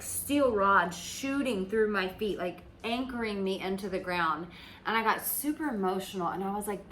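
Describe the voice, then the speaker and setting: A woman from the United States, a dating coach, chats to camera with casual emphasis, swears without restraint and fills her sentences with "like." Her medium-pitched voice is fairly bright, and the rough recording has slight background noise.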